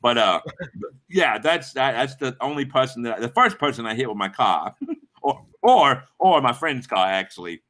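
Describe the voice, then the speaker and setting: This livestream host, a middle-aged man, tells his chat long, wandering stories full of swearing, acting out each character's voice. He speaks in a mid-range voice at a moderate pace, with a bright, forceful, expressive delivery.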